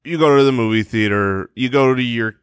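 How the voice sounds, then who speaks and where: A man in his thirties co-hosting a podcast, teasing his friends in playful, animated casual banter. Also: medium pitch, clear, resonant tone, dry recording, clean studio sound. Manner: playful, animated, quick to tease. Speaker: podcast co-host.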